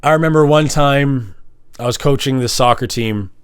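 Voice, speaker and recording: A man's voice: mid-range voice, moderate pace, clean tone, no room sound, clean studio sound. A man talking casually to camera, telling personal stories and acting out the people in them. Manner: animated, acts out quoted voices. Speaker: vlogger. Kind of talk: casual storytelling monologue.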